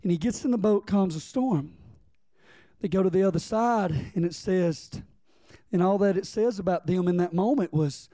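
A man's voice: high voice, dark tone, no echo. A man preaching a sermon as pastor, reading scripture and calling on the congregation to respond.

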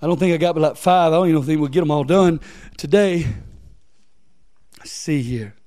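Guy preaching, high voice, repeats himself and climbs into half-singing. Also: moderate pace, a little mellow, no room sound, clean studio sound. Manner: rises into emphatic, near-sung preaching. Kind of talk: sermon.

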